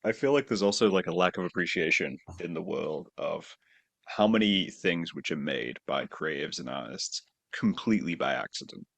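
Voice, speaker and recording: Very deep gravelly middle-aged host. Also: male voice, expressive, moderate pace, fairly bright tone, dry recording. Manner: reflective, agreeable, thinks aloud. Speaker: podcast host. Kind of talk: casual podcast conversation.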